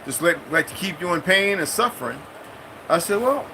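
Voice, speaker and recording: A middle-aged military veteran talking in a casual, rambling monologue, profane and streetwise, breaking into sudden high-pitched bursts. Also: male voice, fairly quick, sharp tone, slight background noise, rough recording.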